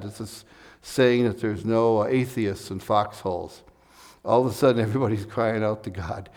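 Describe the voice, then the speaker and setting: A man's voice: mid-range voice, a little mellow. Preaching man in a reverberant hall. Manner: earnest, repeats key phrases for emphasis. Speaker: pastor. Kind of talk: sermon.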